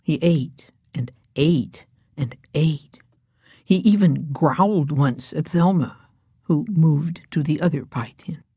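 A woman reading a children's storybook aloud in a hushed, breathy manner. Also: low-pitched, takes it slowly, no echo.

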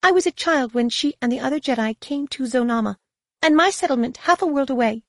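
Curt alien guide, female, frosty and clipped, pitched well high, put on by a woman narrator; dry audiobook read. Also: fairly quick, no echo. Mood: cool.

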